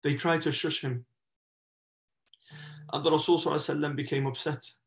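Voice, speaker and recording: A shaykh delivers a religious lesson as a fervent story, sprinkling in Arabic religious phrases, growing more emphatic as he swears oaths. He talks fast in a fairly high voice with fairly even intonation, and the sound is echoey and roomy.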